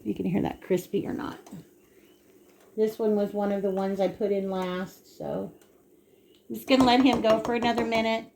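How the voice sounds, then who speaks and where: A woman's voice: mid-range voice, fairly even intonation, moderate pace, pauses often, darkish tone, slight background noise. A woman hosting a casual home cooking vlog in her kitchen, chatting straight to viewers as she cuts food open and tastes it.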